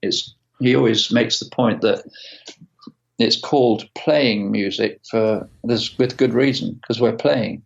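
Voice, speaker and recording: A man in his sixties, a guitarist as an interview guest, telling stories in a halting way with many restarts. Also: lowish voice, gravelly, muffled recording. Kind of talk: casual interview storytelling.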